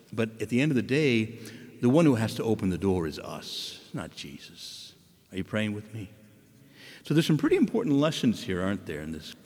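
A man preaching a sermon, animated and asking his listeners questions. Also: mid-range voice, breathy edge. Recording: long reverb of a large hall.

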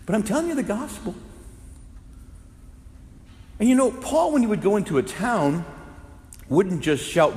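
At a moderate pace, a male Catholic priest with a high-sitting voice preaches fervently, with big swings in pitch and loud exclamations at his peaks. The setting is a large, echoing church, heard through roomy hall reverb.

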